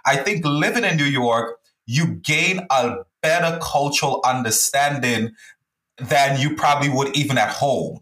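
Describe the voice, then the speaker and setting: Bright-voiced male podcast host, roomy sound. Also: mid-range voice, measured pace. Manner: conversational, laughs often, repeats words when starting sentences. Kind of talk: casual interview chat.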